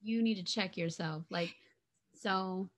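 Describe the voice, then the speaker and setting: A woman's voice: medium pitch, slow pace. A woman co-hosting a book club podcast in casual chat, joking playfully and cheering on her co-host.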